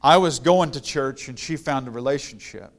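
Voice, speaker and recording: A middle-aged man, a guest pastor, telling his own story in a conversational sermon and growing louder and more fervent as he preaches. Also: mid-range voice, moderate pace.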